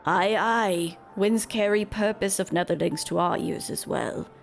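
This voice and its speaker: A woman's voice: mid-range voice, a little slow, creaky, faint music behind. A woman voicing a solemn birdlike tribal elder with broken, formal country-bumpkin speech.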